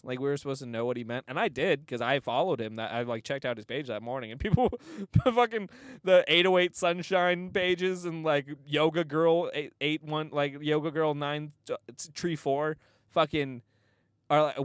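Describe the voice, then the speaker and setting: A man's voice: fairly high pitch, moderate pace, clean tone, no room sound, studio quality. A man hosting a podcast, telling comic stories in a rambling, profane way and often breaking into laughter. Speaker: podcast host. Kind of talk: casual comedic storytelling.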